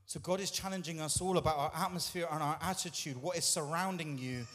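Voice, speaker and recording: A man's voice: on the high side, a little fast, fairly bright tone, long reverb tail. A man pastor preaching a sermon in a church, talking conversationally, acting out quoted voices and putting questions to the congregation. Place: church hall.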